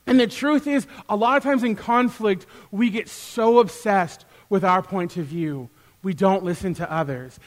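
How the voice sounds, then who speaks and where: A man with a high, light voice preaches a sermon to his church. He speaks in an animated way, acting out little back-and-forth exchanges and getting louder as he does. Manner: animated, acts out quoted exchanges with rising loudness. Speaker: pastor; youth worker.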